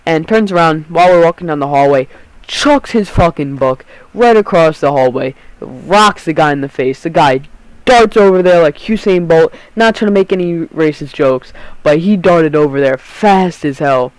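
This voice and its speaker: A teenage boy with a fairly high voice, telling a casual storytime vlog. He rambles and swears freely, and he keeps restarting his sentences. The sound is dry and close. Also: normal speed, no echo, poor audio. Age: teens. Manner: rambling, profane, self-interrupting. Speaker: YouTube storyteller.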